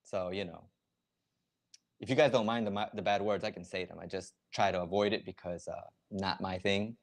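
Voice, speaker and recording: A man's voice: sits low, fairly even intonation, moderate pace, creaky. A man streaming live, chatting casually and explaining slang words step by step with lots of fillers.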